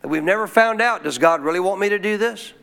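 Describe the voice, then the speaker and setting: A man with a high voice preaches a sermon to his church. He keeps calling out questions to the people in the pews, checking that they are still listening. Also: brisk, vocal fry, fairly bright tone. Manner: calls out questions to the congregation. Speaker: pastor.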